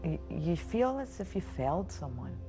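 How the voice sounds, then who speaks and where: A woman, a mother of four, quietly and hesitantly recalling her cancer diagnosis in an interview testimonial. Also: deep voice, very animated, normal speed, gravelly. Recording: music bed under the voice.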